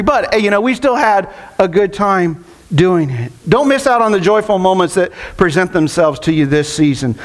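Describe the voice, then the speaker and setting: A middle-aged man preaches with a noticeably high voice. He sounds relaxed and conversational, telling stories from his family life and breaking into laughter along the way. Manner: conversational, storytelling, laughs often. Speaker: pastor. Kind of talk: sermon.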